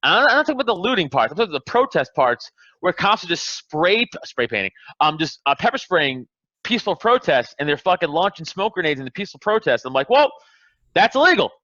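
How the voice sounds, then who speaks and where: A man talks on a podcast in a heated, emphatic rant, full of swearing. His voice is bright and forceful, sitting a little high for a man. The sound is dry and close, with a slightly dull, lo-fi tone. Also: very animated, fast talker, no room sound. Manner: heated, profane, emphatic ranting. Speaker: podcast host. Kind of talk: casual podcast chat.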